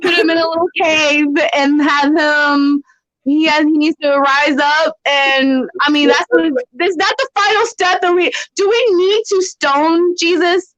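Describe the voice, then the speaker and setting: A woman co-hosting a podcast, animated and full of rhetorical questions in casual chat about a TV show. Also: high voice, unhurried, dry recording, muffled recording. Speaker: podcast co-host. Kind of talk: casual TV discussion.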